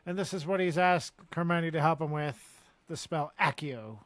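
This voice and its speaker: High-voiced guy co-hosting a book podcast, laughs a lot, dry close sound. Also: no room sound. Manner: animated, laughs easily, quick asides. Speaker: podcast co-host. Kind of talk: casual book discussion chat.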